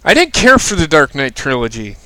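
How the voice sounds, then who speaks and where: A man's voice: on the high side, wildly swooping pitch, brisk, sharp tone, dry recording, poor audio. Blunt, opinionated man chatting casually. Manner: blunt, opinionated, swears freely. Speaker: podcast host. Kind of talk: casual chat.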